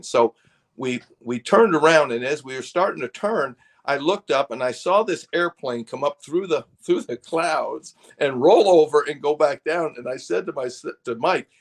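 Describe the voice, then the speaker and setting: A man's voice: mid-range voice, expressive, normal speed. An older man, a guest telling casual stories, rambling with frequent restarts and laughter. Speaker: guest, former fighter pilot. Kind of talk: casual storytelling.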